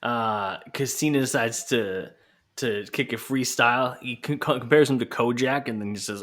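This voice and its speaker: On a casual wrestling podcast, this co-host speaks in a mid-range, fairly bright voice at a moderate pace. He cracks jokes, curses, and imitates wrestlers in put-on voices when quoting them.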